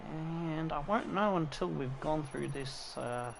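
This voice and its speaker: An Australian man hosting a racing game stream, excitably thinking aloud to his viewers as he drives. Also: fairly high pitch, takes it slowly, vocal fry, background noise. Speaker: gaming channel host. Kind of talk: live gameplay commentary. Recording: loud game music behind voice.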